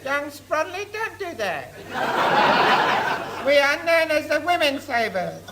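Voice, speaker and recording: A man playing a pompous, absurd scout leader in a falsetto voice, in 1950s radio comedy. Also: very animated, takes it slowly, heavy background noise, full character voice. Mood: bossy. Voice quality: very high falsetto, shouting orders. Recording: old radio recording with loud studio audience laughter.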